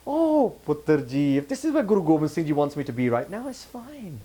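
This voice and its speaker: A man voicing an elderly, cheerful woman who calmly accepts hardship, in a lilting voice. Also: on the high side, a little fast. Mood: serene.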